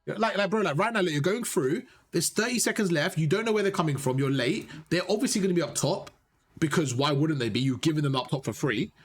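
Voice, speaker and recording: A man coaching a player through gameplay footage, direct and animated, repeating his points and calling him bro. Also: fairly high pitch, fast talker, breathy edge. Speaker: gaming coach.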